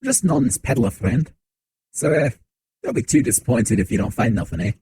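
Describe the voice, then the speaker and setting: A man's voice: medium pitch, expressive, mellow, slight background noise, close to an everyday voice. A man voicing a nervous old male peddler who is smuggling goods, pleading as he reads game dialogue aloud. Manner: pleading, fast-talking.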